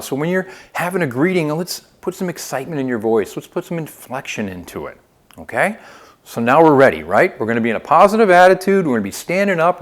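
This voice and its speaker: A man teaching a phone sales training lesson, upbeat and coaching, often checking in with "okay?". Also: medium pitch. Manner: upbeat coaching, lively inflection, frequent "okay?" check-ins.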